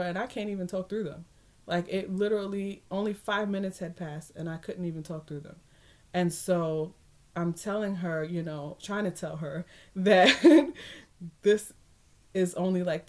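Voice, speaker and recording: Animated young woman telling a story. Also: lowish voice. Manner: animated, laughs often, acts out quoted voices. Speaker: vlogger. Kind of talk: casual storytelling.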